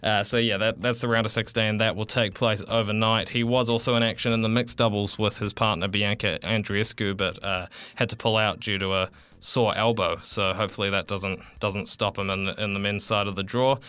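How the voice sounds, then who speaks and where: A man's voice: fairly low pitch, level tone, a little fast, hardly any pauses, sharp tone, clean tone, dry recording. A man giving a radio sports update, hesitant, with many fillers and restarts. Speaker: sports reporter.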